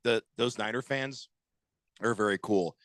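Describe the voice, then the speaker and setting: A man hosting sports talk radio banter in a studio, chatty and quick to interrupt and correct his co-hosts. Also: on the low side, a bit bright, no echo, poor audio.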